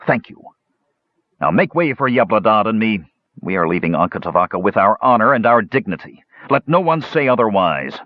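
A man voicing a proud, furious old male dwarf who rants in a shrill, sputtering, indignant way. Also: big pitch swings, normal speed, no echo. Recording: dull, dry lo-fi audiobook recording.

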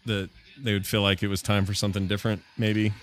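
A man's voice: on the low side, flat delivery, fast talker. A man hosting a podcast, riffing casually on a movie as he watches it and laughing often at it. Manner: joking, laughs often, wry asides. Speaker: podcast host.

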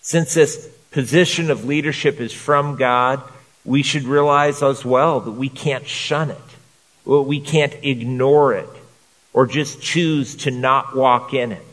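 A man preaching a sermon to men in an earnest, measured way, repeating phrases for emphasis. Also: medium pitch, fairly even intonation, a bit bright, long reverb tail. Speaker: pastor.

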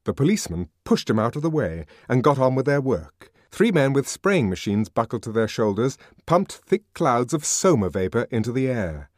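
Expressive male audiobook narrator, dry sound. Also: mid-range voice, normal speed, hardly any pauses, dry recording. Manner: dramatic, very expressive reading. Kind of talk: scripted narration.

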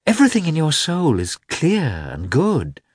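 A man reading the part of a kind, attentive married woman in a soft, measured voice. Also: on the high side, huge pitch swings, breathy edge, no echo, studio quality, voice pushed up, full character voice. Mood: gentle, warm.

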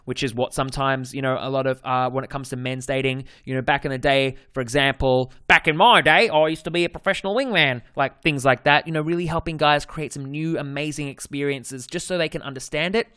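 An Australian man in a casual podcast monologue as a dating coach, talking at a middling pitch. He hammers his main points by repeating them and often corrects himself mid-sentence. His voice sounds close and dry, with no room around it. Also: steady tone, a little fast, hardly any pauses, sharp tone, smooth, no echo. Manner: emphatic, repeats key points, frequent self-corrections and fillers.

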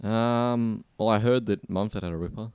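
Young Australian male co-host, very low voice, relaxed with fillers, dry sound. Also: moderate pace, clean tone, dry recording. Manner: laid-back, hesitant, lots of fillers. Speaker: sports radio co-host. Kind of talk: casual sports chat.

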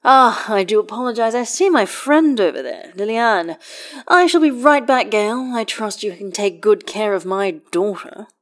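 A woman voicing a pushy, smooth nobleman father, reading fan fiction aloud. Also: medium pitch, expressive, moderate pace, pitched above the performer's own voice, natural voice.

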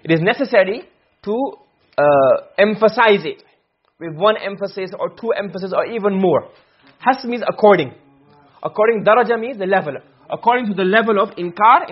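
A man with a high, slightly husky voice teaches a class at a fast clip. He keeps stopping to check that his students understand. The recording sounds dull and lo-fi. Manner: quick explanations with frequent checks for understanding. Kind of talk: classroom lesson.

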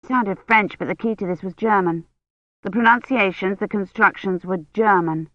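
A woman narrates a novel in a measured, even way, keeping her storytelling steady and clear. Her voice sits in a middle register. The recording is muffled and lo-fi and has a dry, close sound with no room around it. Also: mid-range voice, no echo. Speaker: audiobook narrator. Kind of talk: scripted narration. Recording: dull, lo-fi, dry.

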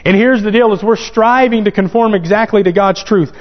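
Man preaching a sermon, fairly high voice, emphatic rising calls, long hall echo, dull sound. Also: brisk. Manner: reads scripture aloud in King James wording. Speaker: pastor.

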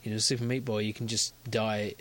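A man co-hosting a podcast, arguing his point in casual chat and laughing easily. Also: lowish voice. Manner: animated, argumentative, quick to laugh. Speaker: podcast co-host.

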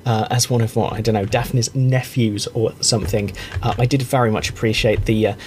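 Rambling British podcast host. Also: male voice, on the low side, steady tone, brisk, a little hiss or hum. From Britain. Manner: earnest, rambling with fillers and asides. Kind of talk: casual podcast chat.

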